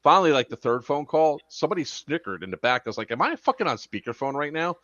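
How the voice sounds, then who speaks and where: A man's voice: on the high side, very animated, fast talker, fairly bright tone, no echo, muffled recording. A man hosting a podcast, telling a story in casual chat, profane and laughing as he goes. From Florida. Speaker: podcast host.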